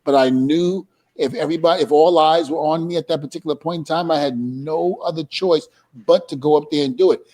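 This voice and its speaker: Brief: male podcast guest, slightly high voice, animated storyteller who keeps laughing. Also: brisk. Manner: acts out quoted dialogue, laughs often. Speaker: guest wrestler.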